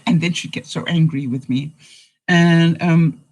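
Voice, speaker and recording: A man's voice: a little high, fairly even intonation, a little slow, rough recording. A man from England, hosting a casual vlog and answering viewers in a rambling way, often chuckling and full of fillers. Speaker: vlogger host.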